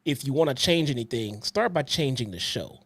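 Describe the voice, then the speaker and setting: A man's voice: medium pitch, expressive, fairly quick, slightly rough, dry recording. A man co-hosting a wrestling podcast, ranting bluntly and swearing as he lectures his critics. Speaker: podcast co-host. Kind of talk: heated podcast rant.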